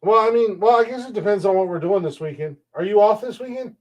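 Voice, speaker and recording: An American comedy podcast host chats playfully, joking and teasing himself. He has a high voice with a darkish tone and a quick pace, and the recording sounds muffled.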